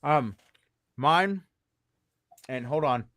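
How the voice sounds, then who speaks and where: A man talking as a guest about working haunted attractions, telling stories with playful swings between high and low voices. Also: lively intonation, extremely slow, pushed and bright, dry recording, studio quality. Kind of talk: animated storytelling chat.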